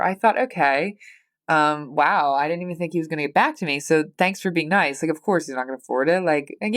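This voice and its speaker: Woman, 30s, American accent, solo podcast host; slightly low voice, candid, rambling, teary with a stuffy nose. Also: a little fast. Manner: candid, rambling, swears casually. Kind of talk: personal solo podcast chat.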